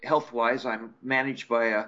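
A man's voice: mid-range voice, little pitch movement, unhurried, bright, forceful tone, muffled recording. A man from Eastern Oregon calling in to a talk show, chatting in a folksy, storytelling way. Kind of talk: casual call-in chat.

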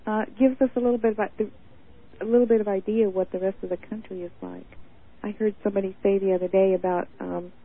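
A woman's voice: medium pitch, steady tone, fast. A woman from Montana calling into a radio show, sassy and gushing, calling people honey. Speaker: caller. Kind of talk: casual phone call to radio show. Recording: tinny phone line.

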